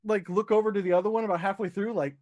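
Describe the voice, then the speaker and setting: A man running a tabletop game as dungeon master on a live stream, narrating in a rambling, animated way. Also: high-pitched, racing, no room sound, studio quality.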